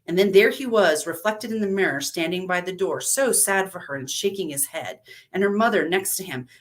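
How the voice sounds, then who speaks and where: Woman reading a dark story aloud. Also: on the low side, normal speed.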